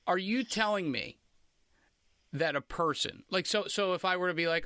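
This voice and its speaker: A man hosting a comedy podcast, riffing in a casual, animated, mock-indignant way with crude jokes. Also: sits high, measured pace, long pauses, clean tone, no room sound, clean studio sound. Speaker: podcast host.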